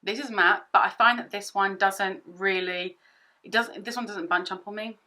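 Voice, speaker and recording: Bright-voiced chatty woman vlogger. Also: medium pitch, moderate pace. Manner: excitable, rambling, repeats herself. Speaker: beauty vlogger. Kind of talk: chatty makeup tutorial.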